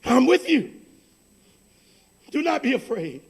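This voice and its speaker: A man preaches in a very high, gravelly voice, slow and drawn out. His sermon moves between hushed near-whispers and shouted, repeated phrases. The delivery is fervent and rhythmic. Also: very animated. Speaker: pastor.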